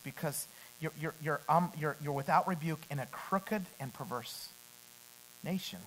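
A middle-aged man preaching a sermon. He climbs to loud, emphatic peaks and then drops back to a quiet storytelling tone. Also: on the high side, moderate pace, a little hiss or hum, poor audio.

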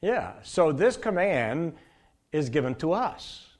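Male preacher, sermon delivery, emphatic, punches key lines then drops soft, repeats points. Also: fairly high pitch, big pitch swings, takes it slowly.

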